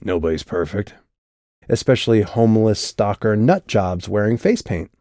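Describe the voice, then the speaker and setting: A man voicing a sharp-tongued tough young woman in an audiobook, curt and sneering. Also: lowish voice, moderate pace, no echo, clean studio sound, close to an everyday voice. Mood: cold sarcastic. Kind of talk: audiobook character voice.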